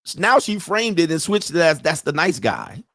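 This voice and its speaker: A man's voice: on the high side, very animated, moderate pace, a bit bright, no echo, studio quality. A man hosting a reaction commentary, brash and mocking, with loose slang. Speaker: commentary host.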